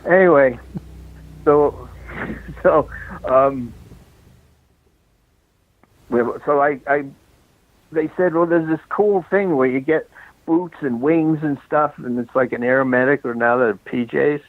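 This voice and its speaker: A man's voice: on the high side, takes it slowly, long pauses. An older man, a film director, telling rambling anecdotes in a casual interview, chuckling and restarting his sentences, a bit out of breath as he walks around. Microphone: phone call. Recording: tinny dry phone line.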